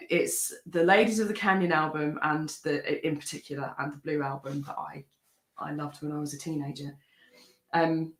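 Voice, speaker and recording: A British singer-songwriter chatting between songs on a live stream from her room at home, rambling and relaxed with lots of ums. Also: low voice. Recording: roomy sound with guitar behind. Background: acoustic guitar.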